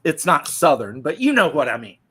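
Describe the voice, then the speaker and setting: A man from the American South hosts a loose podcast chat with a slightly high voice. He rambles through profane, joking stories. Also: big pitch swings, a little fast, a bit bright, breathy edge. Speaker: podcast host.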